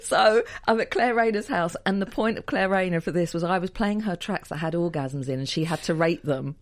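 A woman's voice: fairly low pitch, brisk. A woman co-hosting a radio chat, telling anecdotes with lots of laughter. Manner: animated, laughing anecdote teller.

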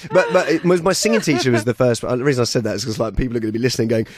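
A young man chatting as a guest impressionist, dropping in and out of quick impressions. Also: mid-range voice. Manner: lively, slips in and out of impressions. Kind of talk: casual interview chat.

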